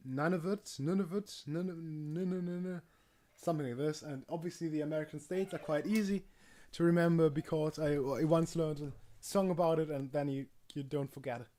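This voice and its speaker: Guy streaming solo, kinda high voice, lots of ums and restarts, joking around. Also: fairly even intonation, brisk, warm tone. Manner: rambling, joking, frequent ums and self-corrections. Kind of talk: casual livestream monologue.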